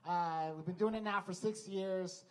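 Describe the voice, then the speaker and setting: A man hosting a comedy club night, telling a short bit and introducing comics with a halting, filler-heavy delivery. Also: sits high, steady tone. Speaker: comedy show host. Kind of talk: stand-up and emcee patter.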